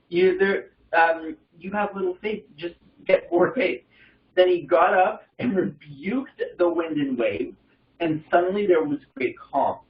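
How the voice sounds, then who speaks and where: A young man leading an informal Bible study, reading passages and commenting in a halting, rambling way with many fillers and restarts. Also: on the high side. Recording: distant mic in a roomy space, dull sound.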